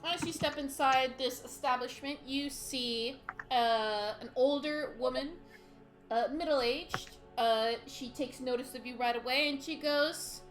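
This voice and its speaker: A woman narrating a tabletop game as game master, unhurried and quick to laugh. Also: high-pitched, fairly bright tone, faint music behind.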